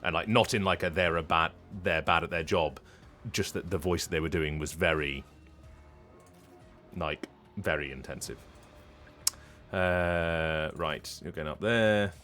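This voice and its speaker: Deep-voiced, chatty game streamer. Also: male voice, unhurried, fairly bright tone, faint music behind. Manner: chatty, rambling, self-correcting. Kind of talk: casual live-stream chat.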